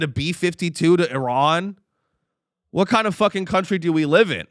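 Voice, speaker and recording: Male comedian host, profane sarcastic rant, animated pitch. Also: normal speed, no room sound, studio quality. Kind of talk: comedic ranting monologue.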